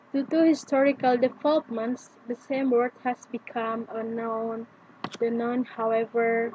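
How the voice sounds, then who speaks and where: A young adult woman, a native Indonesian speaker, reading a prepared pronunciation lesson aloud and slowly repeating example words. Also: a little high, a little mellow. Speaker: student presenting pronunciation lesson. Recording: dull lo-fi with faint noise.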